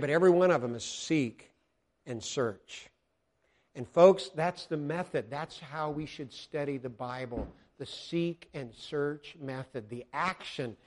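An American man from Colorado delivers a sermon in a fairly high voice. He moves between loud, ringing exclamations and quiet, earnest asides to his congregation. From Colorado, United States. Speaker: preacher.

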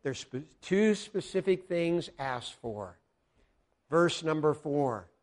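An American man from Colorado preaching a sermon, swinging between loud exclamations and hushed, earnest asides. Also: a little high, animated, takes it slowly. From Colorado, United States.

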